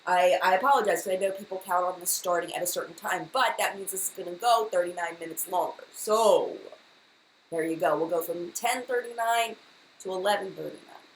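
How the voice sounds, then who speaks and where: Speaking fairly quickly in a lowish register, a young woman runs a relaxed beauty live stream, rambling and apologizing in a flustered way. You can hear echo from the room along with a soft background hiss.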